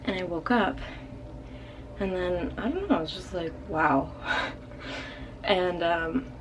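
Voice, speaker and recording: A woman's voice: lowish voice, slow, noisy background. A young woman in her late teens, talking through a casual video diary in a rambling way, full of "like" and "um". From Canada. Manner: rambling, filler-heavy, frequent "like" and "um". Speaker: vlogger.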